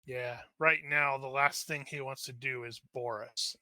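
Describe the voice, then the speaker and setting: A man with a very bright, tense tone and a dry, close sound plays a tabletop game. He jokes and plans out loud, restarting his sentences as he goes. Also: mid-range voice, steady tone, no room sound. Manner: quick, joking, trails off in restarts. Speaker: player. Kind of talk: casual tabletop game chat.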